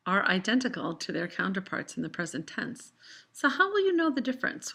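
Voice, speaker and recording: A woman teaching a recorded lesson over slides, explaining patiently and slowing down for examples. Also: medium pitch, gravelly, bright, forceful tone. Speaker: Spanish teacher.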